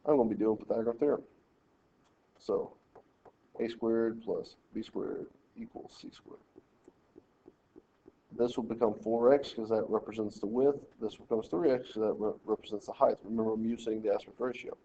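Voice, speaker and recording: A man's voice: on the low side, normal speed, gravelly, dark tone, dull audio, slight background noise. A man teaching a math lesson, working through problems step by step and telling students how to lay out their work. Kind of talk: screen-recorded math lesson walkthrough.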